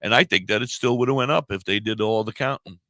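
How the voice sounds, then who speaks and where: Brief: male radio co-host, blunt rambling talker, bright, crisp and dry. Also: lowish voice, fast talker, no echo. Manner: rambling, blunt, cheers and swears. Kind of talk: casual radio banter. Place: radio studio.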